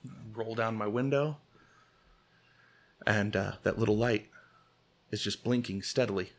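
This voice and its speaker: A man's voice: lowish voice, unhurried. A man telling a comic personal story as podcast host, acting out quotes, swearing and laughing often.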